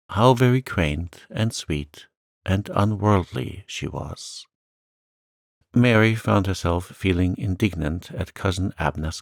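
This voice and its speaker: Soft-spoken male bedtime-story reader, deep voice, dry close sound. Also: gravelly, no echo. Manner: calm, slow and gentle. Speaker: narrator.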